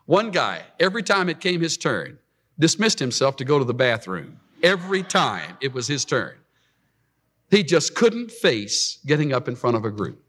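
A man preaching a sermon, telling the story in an animated way and acting out scripture. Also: medium pitch, moderate pace, slightly rough.

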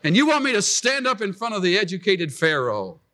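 A preacher acting out a pleading, unsure old shepherd. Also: male voice, sits high, very animated, fairly quick, bright, forceful tone, big-room sound, pitched above the performer's own voice, heavily acted. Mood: exasperated. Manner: anxious, stammering pleading. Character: pleading, self-doubting old male shepherd.

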